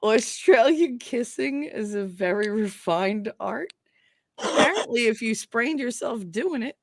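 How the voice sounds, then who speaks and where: A woman's voice: on the high side, animated, unhurried. A woman trading crude, laughing banter in a casual chat.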